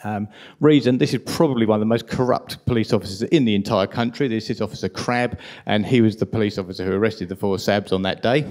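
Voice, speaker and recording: A man with a strong London accent giving an impassioned, indignant conference talk at a rapid pace. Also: lowish voice, a little mellow. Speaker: conference speaker.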